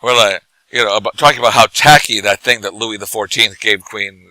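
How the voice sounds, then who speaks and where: A middle-aged man, drunk, telling animated stories in casual bar chat as a guest who acts and teaches comedy. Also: on the low side, fairly quick, dry recording, rough recording. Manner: animated, laughing, tipsy anecdotes.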